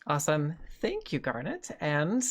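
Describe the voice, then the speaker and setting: Low-voiced woman hosting a game stream. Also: wildly swooping pitch, measured pace. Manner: upbeat, laughs often. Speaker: game master and stream host. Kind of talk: introducing players on a live stream.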